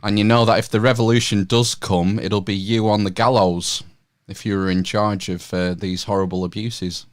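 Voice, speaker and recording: A man hosting a podcast in casual chat, speaking in a measured, earnest way. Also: fairly low pitch, fairly even intonation, dry recording, clean studio sound. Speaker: podcast host.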